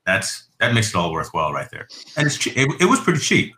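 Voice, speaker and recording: A man's voice: fairly low pitch, wildly swooping pitch, fast talker, bright, forceful tone, echoey room, a little hiss or hum. A man hosting a podcast in casual tech chat, talkative and often checking in with his listeners. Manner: chatty, tags lines with "right?". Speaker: podcast host.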